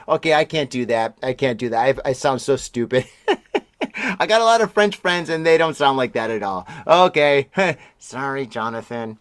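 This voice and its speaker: A middle-aged man hosting a news podcast in casual chat, excitable and chatty, exclaiming and laughing often, his voice slightly husky after a throat illness. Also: medium pitch, moderate pace, dry recording. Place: Tokyo.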